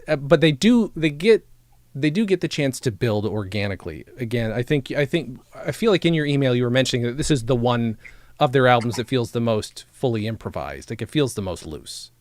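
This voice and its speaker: A man hosting a podcast, chatting casually and thinking out loud. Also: medium pitch, expressive, a little fast, dry recording. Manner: thoughtful, wondering aloud with restarts. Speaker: podcast host.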